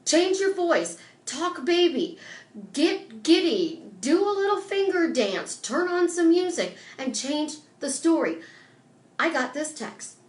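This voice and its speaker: Woman life coach, motivational live stream delivery, animated and emphatic, high voice, echoey room sound. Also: slow. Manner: emphatic and animated, acting out little dialogues.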